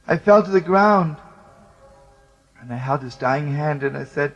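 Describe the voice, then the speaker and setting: Older male storyteller rabbi, slightly high voice, emotional telling, muffled lo-fi recording with soft music. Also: a little slow, long pauses. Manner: emotional storytelling, Hebrew and Yiddish words mixed in.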